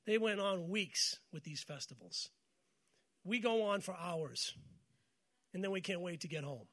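High-voiced pastor preaching with humor. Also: male voice, measured pace, fairly bright tone. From United States. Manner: call-and-response with congregation, storytelling with humor. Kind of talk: sermon.

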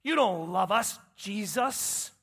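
A grieving woman, sulky and resentful, who works herself up into loud, indignant complaint. Her pitch climbs as the grievance builds, a preacher voicing her mid-sermon. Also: expressive, slow pace, husky, full character voice. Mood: bitter, resentful. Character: grieving resentful woman, bitter at a late friend.

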